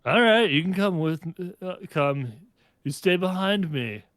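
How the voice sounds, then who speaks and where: A man's voice: high voice, lively intonation, measured pace, fairly bright tone. Man doing a grave guilt-ridden stallion. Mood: serious.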